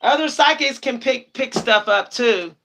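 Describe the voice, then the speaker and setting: A woman's voice: on the high side, lively intonation, measured pace, gravelly, bright, forceful tone. A young woman chatting casually on a livestream as a psychic, laughing often and repeating herself for emphasis.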